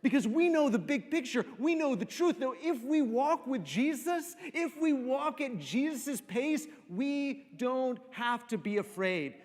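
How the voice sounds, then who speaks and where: A man preaching a sermon, repeating phrases for emphasis and dropping to soft, slow pauses. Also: very high-pitched, sing-song. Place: church sanctuary. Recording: long reverb of a church hall.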